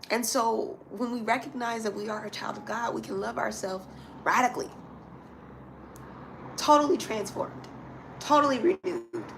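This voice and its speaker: A woman's voice: on the high side, moderate pace, gravelly, long pauses, fairly bright tone, slight background noise. Preachy woman calling everyone honey. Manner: preachy, calls listeners honey and sweetie; emphatic, repeats lines for effect. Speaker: astrology and oracle card reader. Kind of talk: spiritual reading mixed with preaching.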